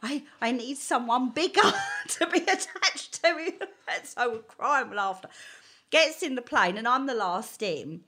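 A woman's voice: a little high, measured pace. A woman in casual chat, telling a story with lots of laughter and acted-out quotes. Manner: animated storyteller, laughs often, acts out quotes.

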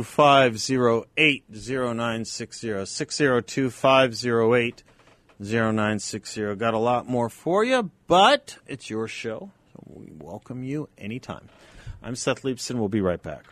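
A man's voice: medium pitch, expressive, measured pace, fairly bright tone, dry recording. A man hosting a talk radio show, talking in a conversational, wry and emphatic way into a studio microphone. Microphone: studio microphone, dry.

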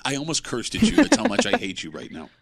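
A man in his forties hosting a morning radio show, teasing callers and co-hosts in a loud, excitable way. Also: medium pitch, fast. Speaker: radio host.

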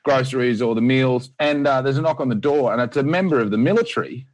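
A man's voice: mid-range voice, fast. A man, a comedian, chatting frankly and laughing a lot as he tells stories from a hotel room. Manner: frank, storytelling, swears freely, laughs often. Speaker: comedian guest. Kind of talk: casual podcast chat.

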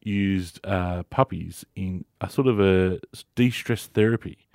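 Deep-voiced Australian man joking around. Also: darkish tone, no echo, studio quality. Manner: joking banter with quick teasing quips. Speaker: podcast co-host. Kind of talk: casual chat.

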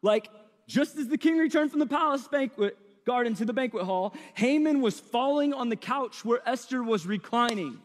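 A man's voice: extremely high pitch, animated, normal speed, in a large hall. A man preaching a sermon, retelling the story in a casual, slangy, conversational way.

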